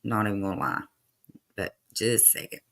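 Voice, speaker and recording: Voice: low voice, animated, brisk, a bit bright. A livestream host giving loose, chatty commentary over archive clips, with fillers and asides to chat.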